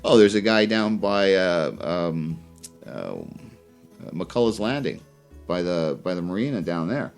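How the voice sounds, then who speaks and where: A man's voice: low voice, animated, measured pace, gravelly, smooth, soft background music. A man hosting a fishing podcast, rambling and heated, with many fillers and restarts. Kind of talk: casual opinion rant.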